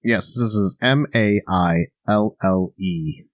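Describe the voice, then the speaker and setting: A man's voice: fairly low pitch, takes it slowly, no echo. A man co-hosting a casual podcast, with dry, teasing remarks. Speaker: podcast co-host. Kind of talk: casual chat.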